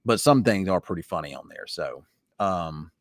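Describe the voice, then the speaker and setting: Weather host, casual late-night chat, rambling and teasing, low dry voice. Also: male voice, animated, moderate pace, no echo.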